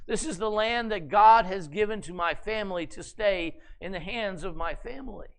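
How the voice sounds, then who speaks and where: A man's voice: high voice, moderate pace. A man voicing a proud landowner who earnestly and firmly declines a king's offer. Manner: firm, earnest refusal. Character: proud landowner, adult man, firm and respectful.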